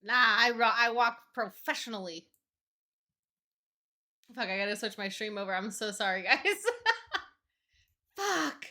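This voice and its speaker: Play a woman streaming a role-play as a judge, her voice high and bright, frantic and foul-mouthed, cursing nonstop with laughter bubbling through. She talks straight to her viewers. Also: lively intonation, slow, long pauses. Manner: frantic, swears constantly, laughs a lot.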